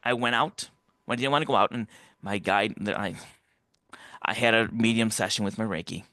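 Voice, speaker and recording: Guy rambling thru a personal story, bright punchy voice, dry sound, does little voices for people he quotes. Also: a little fast, dry recording. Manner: rambling, acts out quoted voices with big pitch jumps. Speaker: interview guest.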